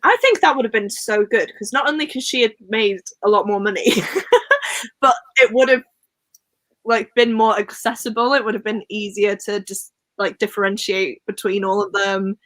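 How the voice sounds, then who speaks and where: A woman's voice: mid-range voice, normal speed, a bit bright, no room sound. A young woman with a Welsh accent, chatting casually about a book, often laughing and acting out reactions. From Wales. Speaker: book club host.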